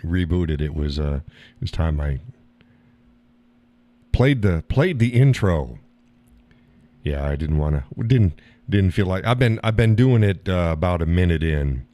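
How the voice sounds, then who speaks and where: An American man hosting a live stream, chatting casually and reading viewer comments, relaxed and rambling with frequent laughs, a little tired. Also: sits low. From United States.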